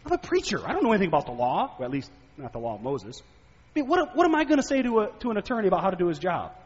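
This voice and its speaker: A male preacher with a high, husky voice delivers a sermon full of stories and rhetorical questions. His pitch swings widely as he talks. The sound is dull and lo-fi, with a long echo as if from a large hall. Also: rapid-fire. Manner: animated, rhetorical questions, storytelling.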